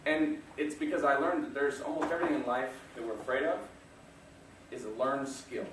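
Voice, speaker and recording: A guest speaker with a mid-range voice talks briskly, giving a motivational talk to an audience. He tells self-deprecating stories and chuckles often, captured on a distant mic in an echoey room with a noisy background.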